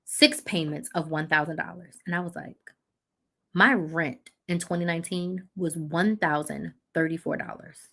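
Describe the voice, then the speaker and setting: In a live chat, a business coach in her thirties recounts her story bluntly and with animation, pausing to correct dates and details. Her voice is bright and forceful yet fairly low and steady, with vocal fry, at a moderate pace.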